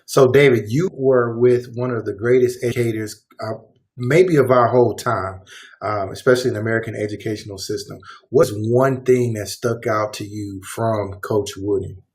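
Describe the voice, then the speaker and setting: A man hosting a casual panel, relaxed and jokey, asking questions with easy fillers. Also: lowish voice, normal speed. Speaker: host.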